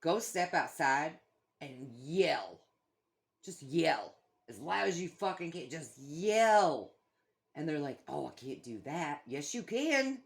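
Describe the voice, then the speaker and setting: A woman's voice: sits low, lively intonation, slow, gravelly. A middle-aged woman chatting casually, a blunt, profane storyteller who swears freely. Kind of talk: casual chat.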